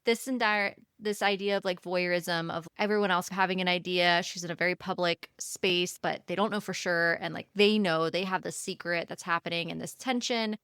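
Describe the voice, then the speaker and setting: Bright, crisp-voiced woman podcast host. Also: on the low side, moderate pace, few pauses, no room sound, clean studio sound. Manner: animated retelling with acted-out character lines. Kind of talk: casual book discussion.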